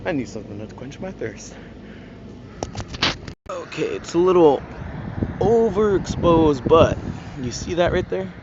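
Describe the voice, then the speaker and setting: Young man, from Alaska, fairly high voice, chatty vlogger, awed exclamations, muffled phone audio, loud traffic behind. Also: expressive, a little slow, long pauses. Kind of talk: casual outdoor travel vlog. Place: outdoors at a roadside scenic lookout near traffic. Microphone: phone held by the vlogger.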